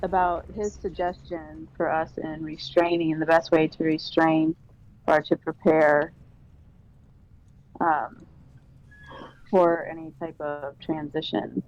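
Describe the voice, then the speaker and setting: A player at a tabletop game, speaking carefully with pauses. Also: mid-range voice, flat delivery, darkish tone, lo-fi sound.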